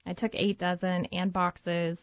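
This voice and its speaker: A woman's voice: fairly low pitch, measured pace, dry recording. Woman telling her story, dull dry recording. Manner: lively storyteller who acts out her own past thoughts. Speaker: guest, home baker turned business owner. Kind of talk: personal storytelling in an interview. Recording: dull, muffled lo-fi sound, dry.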